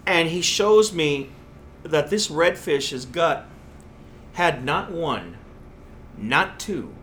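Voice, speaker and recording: A man's voice: a little high, lively intonation, drawn-out words, fairly bright tone, a little hiss or hum. A man, a fishing columnist, telling stories in a casual podcast chat with emphatic repeated phrases. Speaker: saltwater columnist.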